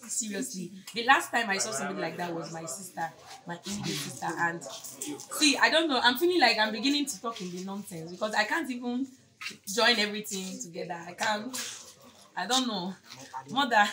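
A woman's voice: medium pitch, animated, a little fast. A young woman with a Nigerian accent giving an earnest, rambling farewell tribute at a fellowship gathering, laughing between phrases. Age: young adult. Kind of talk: heartfelt tribute speech. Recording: noisy crowd around speaker.

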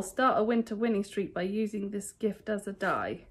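A woman's voice: mid-range voice, normal speed, background noise. A woman with a British accent chatting casually to camera at home, showing off thrifted finds in a rambling, enthusiastic way. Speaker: vlogger showing a thrift haul. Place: at home, indoors.

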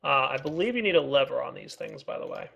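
A man's voice: medium pitch, huge pitch swings, quick pace, vocal fry, pushed and bright, breathy edge. A man co-hosting a casual game video, upbeat and teasing. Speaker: co-host of a game video series. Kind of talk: casual gameplay chat.

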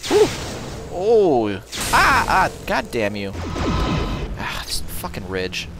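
Unhurried male let's-player who jokes and swears, with lively intonation. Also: high-pitched. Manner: muttering, joking, swearing. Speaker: let's play host. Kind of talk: casual gameplay commentary. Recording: game music and mech sounds behind. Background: game music.

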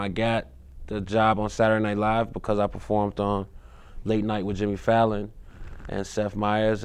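A man's voice: lowish voice, smooth. A man in his thirties, a comedian as a guest in a casual interview, talking in a laid-back, rambling way with restarts.

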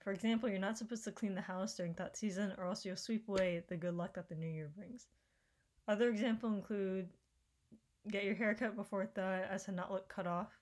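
A woman presenting as a student, reading prepared lines in a measured way. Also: fairly low pitch, darkish tone.

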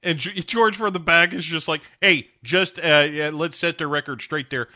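A man on a podcast tears through a bad movie plot, cursing freely and doing quick takes on each character. His voice is very bright and cutting, and it sits dry and close to the mic. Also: on the high side, no echo. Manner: profane, sarcastic, acts out characters' lines. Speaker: podcast co-host. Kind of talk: casual comedic movie recap.

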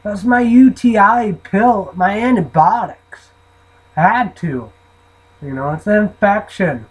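Rambling guy vlogging, swears a lot, husky, kinda high voice. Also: slow, poor audio. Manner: rambling, profane, trailing off into mumbles. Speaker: vlogger reviewing an energy drink. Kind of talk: rambling casual vlog.

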